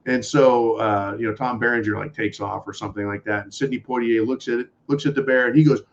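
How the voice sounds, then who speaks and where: A man's voice: medium pitch, steady tone, brisk, few pauses. A man hosting a political talk show, ranting bluntly with profanity and mockery. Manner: blunt, profane, angry and mocking. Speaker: podcast host. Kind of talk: political commentary rant. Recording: dull lo-fi audio.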